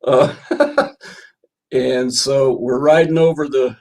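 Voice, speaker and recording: A man's voice: mid-range voice, steady tone, slow, darkish tone. An older man, a musician guest, telling rambling stories in an interview and reading passages from his own book. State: coughing. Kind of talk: storytelling interview.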